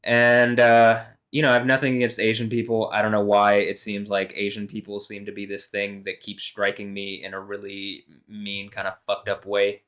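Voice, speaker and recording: A man's voice: on the low side, monotone, moderate pace, hardly any pauses, a bit bright, clean tone. A man vlogging alone, talking in a meandering, heated way with lots of fillers and some swearing. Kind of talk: rambling solo monologue.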